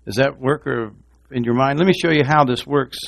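A male pastor preaches a sermon at normal speed with vocal fry, recorded with no echo. He swings from loud, high exclamations to quiet, low lines and calls on the congregation to repeat after him.

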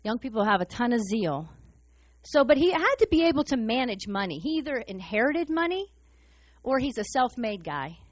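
Fast-talking, caffeinated woman preaching. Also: on the high side, no echo. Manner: fast, excited, humorous. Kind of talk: sermon.

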